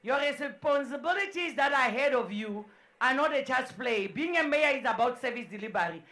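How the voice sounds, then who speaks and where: A woman working as MC at a sports event, hyping the crowd in a loud, repetitive way and often shouting. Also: high voice, animated, fairly quick. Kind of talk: live crowd hype and welcome speeches. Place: indoor sports dome.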